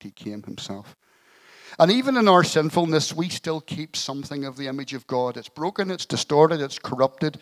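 A man's voice: mid-range voice, low-quality recording. Man preaching an earnest sermon. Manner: earnest storytelling with light humour. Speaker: pastor.

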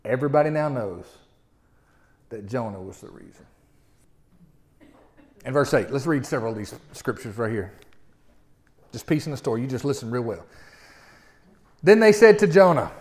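A middle-aged man preaching a sermon. He speaks in a folksy, animated way and often turns to address the listeners directly. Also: medium pitch, normal speed, pauses often.

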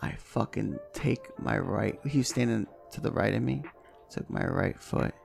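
A man co-hosting a podcast, telling a profane, animated story in casual chat and acting out the voices. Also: on the low side, normal speed, vocal fry, soft background music. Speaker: podcast co-host.

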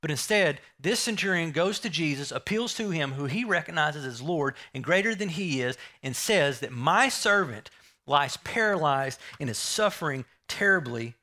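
A man's voice: fairly high pitch, animated, normal speed, sharp tone. A man preaching a sermon, emphatic, repeating key phrases and asking the listeners rhetorical questions.

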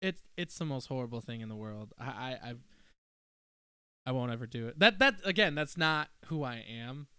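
A man in casual chat, speaking earnestly and haltingly, often starting over with "I mean" and "you know.". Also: mid-range voice, expressive, bright, forceful tone, smooth, no room sound.

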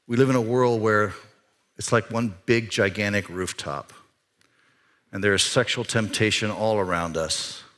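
With a steady tone and measured pace, a male pastor preaches to his congregation in the sanctuary, talking as if in conversation. He lifts his voice louder and higher to drive points home and lowers it quietly for grave ones.

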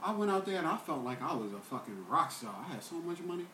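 Podcast guest, slangy, jokey, very animated, echoey room, loud noise. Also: mid-range voice, fast. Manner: joking, slangy, laughs a lot. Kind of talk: casual chat. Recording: echoey, very noisy mic.

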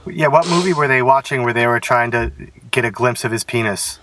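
Bright-voiced man a bit off-mic. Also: medium pitch, fairly quick, recorded from a distance, slight background noise. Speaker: podcast co-host. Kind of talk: casual film discussion.

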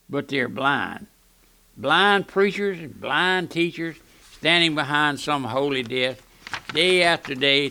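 Gravelly older man preaching on the radio. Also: on the high side, pushed and bright, no echo. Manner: emphatic, folksy, repeats phrases. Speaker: radio pastor. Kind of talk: radio sermon.

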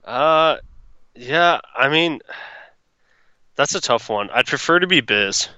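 A man's voice: mid-range voice, animated, slow pace, bright, forceful tone, clear, resonant tone, dry recording, lo-fi sound. A man from St. Louis co-hosting a podcast, trading joking, profane banter. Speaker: podcast co-host. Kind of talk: casual chat.

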